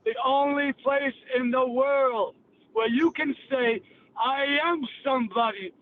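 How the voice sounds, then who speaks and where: Very high-pitched and taking his time, an older English caller rages bluntly and with plenty of swearing. The call-in audio comes through a tinny phone line carrying faint noise.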